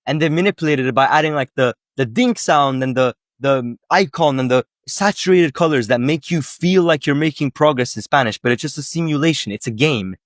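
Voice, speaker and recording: Speaking directly to camera, a man with a fairly high voice coaches viewers on learning Spanish in a casual teaching style. He's emphatic and persuasive, full of rhetorical questions and casual fillers. The studio-quality recording is dry.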